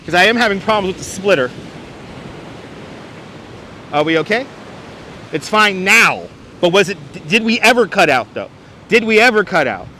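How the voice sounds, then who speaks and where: A high, bright-toned man chats with his livestream viewers on a beach, joking wryly about their comments. Faint wind and surf noise sit under his clip-on mic, and he sounds quick and sharp. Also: big pitch swings. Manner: wry, joking, mock-announcer asides. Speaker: livestream host. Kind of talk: casual livestream chat reading viewer comments. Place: outdoors on a windy beach. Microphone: wireless clip-on mic.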